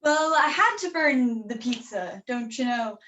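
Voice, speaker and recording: A woman's voice: fairly high pitch, expressive, a little slow, sharp tone, dull audio. A woman playing a sulky, melodramatic pizza cook in a sixties lounge improv scene, singing now and then. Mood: dramatic. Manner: drawling, dramatic, breaks into song. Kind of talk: online improv comedy.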